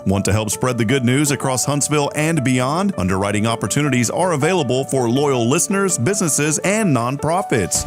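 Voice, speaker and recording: Man reading an inviting church radio spot. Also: a little high. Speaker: church outreach minister.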